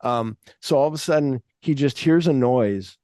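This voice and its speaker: A man's voice: medium pitch, normal speed, warm tone, no echo, studio quality. A man hosting a podcast, rambling through casual film talk, acting out quotes and swearing freely. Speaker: podcast host.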